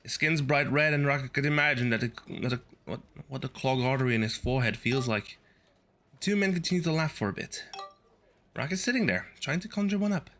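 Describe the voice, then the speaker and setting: A man's voice: mid-range voice, brisk, fairly bright tone, slight background noise. A male streamer reading a video game's story text aloud and adding wry, sardonic asides.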